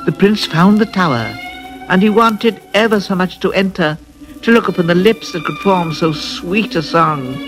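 Expressive man narrating a fairy tale. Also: a little high, rough recording. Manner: expressive, lilting, dwells on words. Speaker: storyteller. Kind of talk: scripted fairy-tale narration for a children's record.

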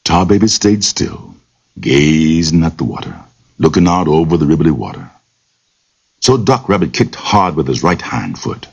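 A man's voice: extremely low pitch, big pitch swings, normal speed, creaky, slightly rough. A man telling a folktale aloud in a rhythmic, lilting oral style full of repetitions. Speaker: storyteller. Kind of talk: folktale storytelling. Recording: dull lo-fi recording.

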